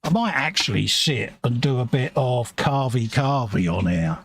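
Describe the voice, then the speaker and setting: A man's voice: mid-range voice, lively intonation, moderate pace, gravelly, slightly rough. A man co-hosting a casual livestream, chatty and jokey, chatting with viewers. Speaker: co-host of a modelling livestream. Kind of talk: casual chat.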